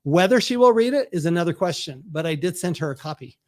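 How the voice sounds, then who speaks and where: A man with a high-pitched voice hosts his book launch live online. He talks earnestly and responds to viewer comments as they come in, heard through a video call setup. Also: expressive, fast talker.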